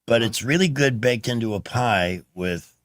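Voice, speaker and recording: A man's voice: medium pitch, expressive, normal speed, no echo. Easygoing male radio host, dry sound. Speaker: radio talk show host. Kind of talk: call-in radio chat.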